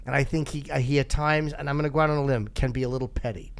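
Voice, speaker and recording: A man's voice: medium pitch, steady tone, racing, slight background noise. A man hosting a podcast, telling rambling, self-deprecating stories in casual chat and laughing often. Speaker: podcast host.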